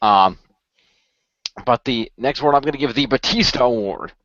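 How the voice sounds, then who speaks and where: A man co-hosting a casual podcast, talking in an animated way with filler ums. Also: mid-range voice, normal speed, no room sound. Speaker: podcast co-host. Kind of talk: casual chat. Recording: dull dry lo-fi recording.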